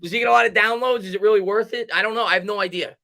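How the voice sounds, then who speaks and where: A man hosting a live sports talk stream, upbeat and quick, reading out viewer names and thanking them. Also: high voice, vocal fry. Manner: fast, energetic, shouts out chat names. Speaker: livestream host.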